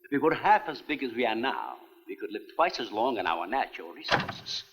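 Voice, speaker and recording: A man's voice: medium pitch, big pitch swings, brisk, fairly bright tone, big-room sound, a little hiss or hum. A middle-aged actor playing an earnest older scientist and father in a 1950s film, formal and explanatory in manner. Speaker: scientist running an island lab.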